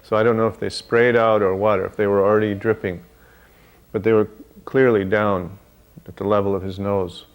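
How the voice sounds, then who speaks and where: An older man with a low voice tells his memories in an interview. He is hesitant and uses fillers, then speeds up through the story. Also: level tone, moderate pace. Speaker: devotee sharing memories. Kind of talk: reminiscing interview.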